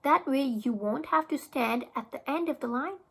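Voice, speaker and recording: Woman reader doing an eager, helpful girl, high-pitched, storybook voice. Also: lively intonation, normal speed, gravelly, fairly bright tone, exaggerated voice. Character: friendly, helpful schoolgirl. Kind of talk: children's book read-aloud.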